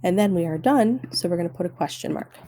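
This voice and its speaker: A woman records a classroom lesson for her students, walking them through each step and repeating instructions so nobody falls behind. Her voice sits a little low and sounds mellow and relaxed rather than bright. She speaks in an instructional way throughout. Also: fast, no room sound, low-quality recording. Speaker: Spanish teacher. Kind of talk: recorded screen-share lesson.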